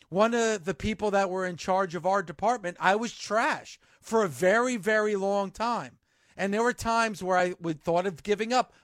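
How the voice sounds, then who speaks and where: A male wrestling show host with a high-pitched voice talks with open enthusiasm. The sound is dry and close to the mic. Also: dry recording. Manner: enthusiastic, openly admiring. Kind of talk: casual chat.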